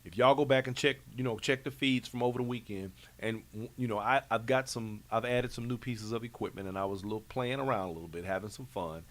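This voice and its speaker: A man's voice: medium pitch, fast talker, few pauses. Laid-back man hosting. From Chicago. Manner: relaxed, emphatic, slangy Chicago talk. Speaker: show host. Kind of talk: casual recap chat.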